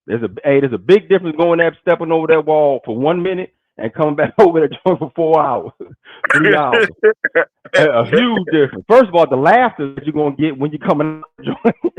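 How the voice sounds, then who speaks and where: A man's voice: fairly high pitch, lively intonation, fairly quick, dry recording. A man in a casual streamed talk, pressing the others and repeating the same question. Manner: insistent, keeps repeating his question. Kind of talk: casual banter. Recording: dull lo-fi stream audio.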